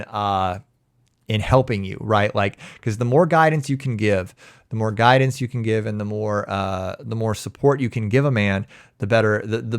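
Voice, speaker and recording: A man's voice: on the low side, no room sound, studio quality. A man working as a relationship coach, answering viewer questions on a live stream in a casual way, often restarting his sentences and laughing easily.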